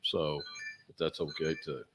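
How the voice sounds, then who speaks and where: A man's voice: extremely low pitch, little pitch movement, unhurried, a bit bright, slight background noise. A man co-hosting a podcast in a cigar lounge studio, chatting casually with folksy, old-fashioned exclamations. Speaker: podcast co-host. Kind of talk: casual chat.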